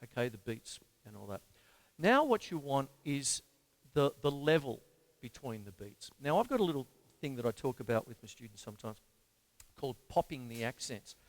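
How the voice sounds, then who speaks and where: Counting beats out loud while playing his drum kit, this Australian man teaches a live-streamed lesson in relaxed chat. He speaks at medium pitch with big pitch swings and a moderate pace.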